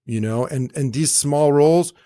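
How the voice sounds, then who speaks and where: A young man, a guest in a casual interview, telling animated stories and acting out other people's voices, with lots of fillers. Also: on the high side, moderate pace. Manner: animated, acts out quoted voices, many fillers. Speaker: actor and entrepreneur, guest.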